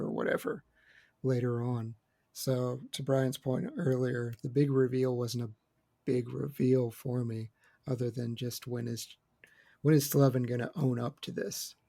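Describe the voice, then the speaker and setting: A man's voice: mid-range voice, fairly even intonation, a little slow, gravelly, mellow. A man co-hosting a casual film podcast roundtable, chatty and opinionated with joking asides. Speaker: podcast co-host.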